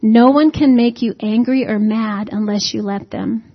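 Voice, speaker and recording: A woman's voice: on the high side, moderate pace, husky. Chatty woman preaching a homey sermon. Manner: conversational, asks the congregation rhetorical questions; folksy humorous asides. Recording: dull lo-fi recording.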